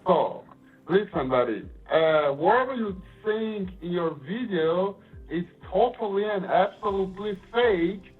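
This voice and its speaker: Brief: high-pitched male caller, pushy and confrontational, heard over a thin phone line. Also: animated, unhurried. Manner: assertive, confrontational, calls the host buddy. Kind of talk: phone call argument. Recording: tinny phone line with faint music.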